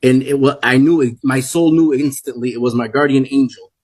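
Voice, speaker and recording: A man's voice: medium pitch, a little fast, darkish tone. A man in his forties giving an earnest, emphatic first-person testimony and repeating key phrases for weight. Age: 40s. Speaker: guest telling a personal testimony.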